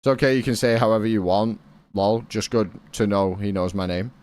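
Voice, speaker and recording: A man's voice: on the low side, fairly quick, darkish tone. A young British man streaming a game, chatting casually with his chat and swearing now and then.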